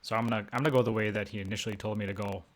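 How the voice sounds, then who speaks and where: A man's voice: fairly low pitch, steady tone, rapid-fire. A man playing a tabletop game, thinking aloud and speaking hesitantly about his choices. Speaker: player.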